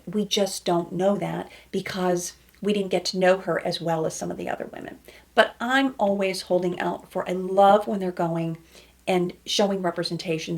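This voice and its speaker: A woman hosts a chatty reality TV recap, speaking straight to her viewers. Her voice has a gravelly edge at a middle pitch, and she talks with open feeling about what she watched. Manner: chatty, warm-hearted, gets choked up. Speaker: host of a reality TV commentary show. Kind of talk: casual commentary to camera.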